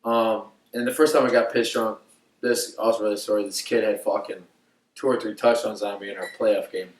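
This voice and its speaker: A man's voice: on the low side, fairly even intonation, a little fast, distant mic. Rambling, swearing young man telling a story. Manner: rambling, profane, full of "like" fillers. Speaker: podcast co-host. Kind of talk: casual storytelling. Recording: echoey room, off mic.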